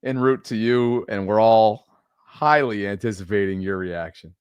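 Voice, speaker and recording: Man, podcast co-host, middle-aged, casual banter, fairly low voice, dry sound. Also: normal speed, smooth, dry recording, highs cut off. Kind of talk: casual chat.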